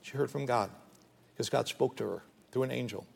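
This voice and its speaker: A man's voice: medium pitch, normal speed, gravelly, slightly rough, in a large hall. A man preaching a sermon as pastor, earnest and rising to pleading as he voices prayers. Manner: earnest, rises to pleading when voicing prayers.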